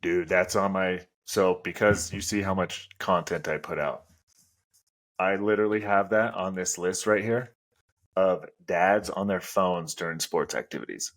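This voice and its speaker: A man's voice: low-pitched, a little slow, a bit bright. A man in his thirties hosting a casual podcast chat, blunt and opinionated, swearing casually. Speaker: podcast host.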